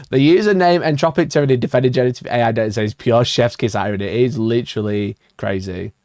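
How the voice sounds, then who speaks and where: A man hosting a livestream, answering his chat in a sweary, mocking rant and laughing often, with his voice shooting up high when he gets exasperated. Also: a little fast, darkish tone, no echo, studio quality. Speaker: livestream host.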